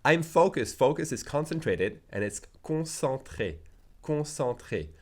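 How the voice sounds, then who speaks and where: A man with a French accent, a native French speaker teaching a casual language lesson, who says his example sentences slowly and keeps checking in with "okay?". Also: medium pitch, lively intonation, darkish tone. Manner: slow deliberate pronunciation of French examples, frequent "okay?" check-ins.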